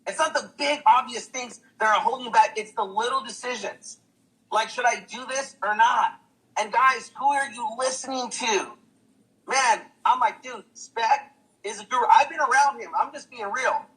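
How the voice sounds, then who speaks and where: Husky high-pitched hyped-up man. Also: moderate pace, fairly bright tone, low-quality recording. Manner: hyped, repetitive, preachy, says "guys" and "guess what" a lot. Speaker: testimonial speaker. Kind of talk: motivational sales testimonial.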